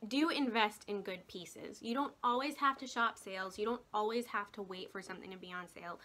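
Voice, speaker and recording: A woman's voice: medium pitch, fairly quick, noisy background. A young woman vlogger chatting casually to camera, rambling a little and laughing often. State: hiccuping.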